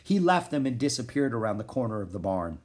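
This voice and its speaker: Husky expressive man reading a children's story. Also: medium pitch, brisk. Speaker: narrator.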